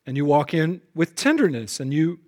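A man preaching a sermon as pastor. He is emphatic, often repeats words as he starts a phrase, and swings between loud punches and soft, lowered asides. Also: sing-song, normal speed.

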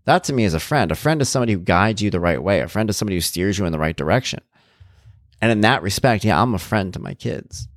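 Low gravelly man, candid and reflective. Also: animated, fast talker, no room sound, clean studio sound. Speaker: parent sharing his life story. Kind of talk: personal storytelling.

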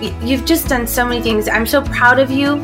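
A woman hosting a podcast interview, effusive and full of praise as she asks quick questions. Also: fairly high pitch, steady tone, music in the background. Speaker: podcast host. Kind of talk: casual interview chat.

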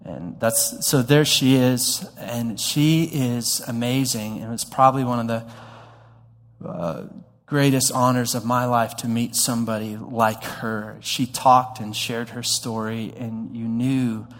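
A male pastor tells a story from the pulpit, animated and self-deprecating, often restarting his sentences. His voice sits at an ordinary middle pitch. It rings with the long reverb of a church hall. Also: slow pace. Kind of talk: sermon storytelling.

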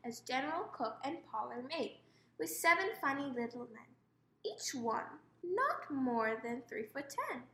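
Bright high-voiced woman reading rhymes. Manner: playful, emphatic rhyming. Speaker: narrator. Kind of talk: comic rhyming storybook reading. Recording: roomy echo.

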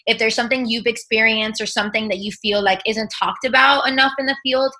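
A woman's voice: a little high, fairly even intonation, a little fast, sharp tone. A woman co-hosting a podcast, encouraging listeners and inviting them to reach out. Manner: encouraging, upbeat, addresses listeners directly. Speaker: podcast co-host. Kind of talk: casual podcast chat.

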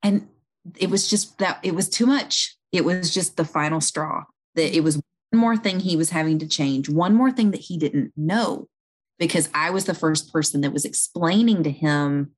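A woman's voice: sits low, moderate pace. A woman who works in home health, earnestly explaining a patient story in a conversation, with fillers and restarts along the way.

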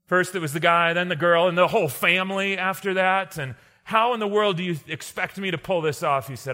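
Bright-voiced man telling a parable. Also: fairly quick, hardly any pauses, in a large hall. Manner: acts out characters in a parable, drops low and quiet for them. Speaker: preacher. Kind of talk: sermon storytelling.

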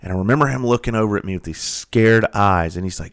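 Blunt, low-voiced middle-aged man. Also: quick pace. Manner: blunt, profane, unfiltered. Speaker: firefighter and podcast host. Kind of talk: casual storytelling monologue.

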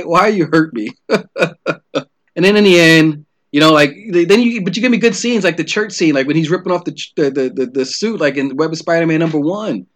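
A man in his thirties ranting casually about a movie, exasperated and profane, full of "like" and restarts. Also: fairly high pitch. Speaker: movie ranter. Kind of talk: casual rant monologue.

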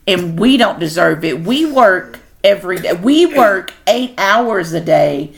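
Gravelly-voiced goofy mom. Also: female voice, medium pitch, lively intonation, measured pace, hardly any pauses. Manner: goofy, laughing, teasing. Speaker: podcast host. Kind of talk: casual chat with her son.

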